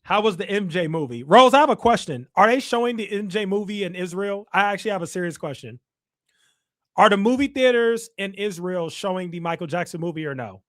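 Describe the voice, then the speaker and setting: A man's voice: high voice, animated, brisk, fairly bright tone. A young man from Chicago hosting a casual livestream, reading comments and teasing his viewers playfully. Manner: teasing, playful trash talk to chat. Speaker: livestream host.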